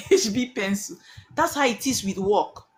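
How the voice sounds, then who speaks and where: Animated woman preaching on a live. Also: mid-range voice, unhurried. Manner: emphatic, rhetorical questions answered herself. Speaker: spiritual practitioner hosting a live stream. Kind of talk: live-streamed teaching talk.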